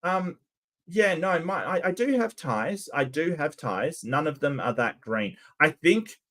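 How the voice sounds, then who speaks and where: A man giving casual, sarcastic commentary over a video he is watching. He rambles and restarts often, and his pitch rises and falls in a lively way. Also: unhurried. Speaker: reaction video host.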